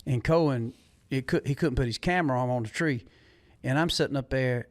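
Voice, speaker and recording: A middle-aged man, hosting a podcast and telling stories in an animated, folksy way. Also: mid-range voice, a little fast. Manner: animated storyteller, folksy, laughs often. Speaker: podcast host. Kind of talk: casual chat.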